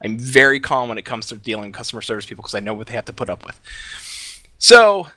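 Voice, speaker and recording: Animated, bright-voiced man ranting. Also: medium pitch, fast, dry recording. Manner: animated, exasperated ranting punctuated by laughter. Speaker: podcast co-host. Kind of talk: casual storytelling on a gaming podcast.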